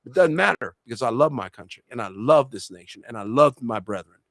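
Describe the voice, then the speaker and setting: A man's voice: mid-range voice, lively intonation, fairly quick, fairly bright tone, no echo. A middle-aged man from Puerto Rico sharing a personal testimony in a religious discussion, speaking with passion and repeating his key phrases for emphasis. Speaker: co-host and minister.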